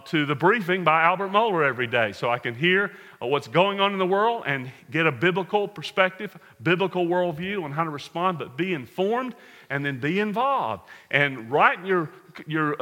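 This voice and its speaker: A man's voice: a little high, sharp tone. An American man preaching a sermon as pastor, earnest and direct, speaking to his congregation in a large hall. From United States. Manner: earnest, addresses congregation as folks, numbered points.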